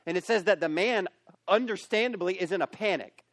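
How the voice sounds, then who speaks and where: A man preaching a youth camp sermon, storytelling and acting out characters in an animated way. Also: high-pitched, a little fast, no room sound. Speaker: youth pastor. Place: camp meeting space.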